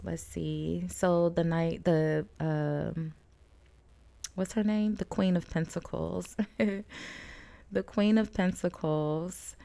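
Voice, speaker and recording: A woman with a low, gravelly voice and a dark, mellow tone reads tarot cards in a loose, chatty way. She laughs often and talks to the viewer as "friend.". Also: fairly even intonation, slow pace. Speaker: tarot reader. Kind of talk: casual tarot card reading to camera.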